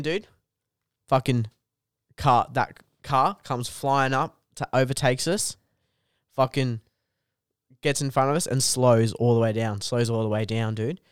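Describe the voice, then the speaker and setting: A man's voice: mid-range voice, clear, resonant tone, dry recording, clean studio sound. A young man, a comedian guest, telling a story in casual podcast chat with lots of swearing. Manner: animated storytelling, heavy swearing.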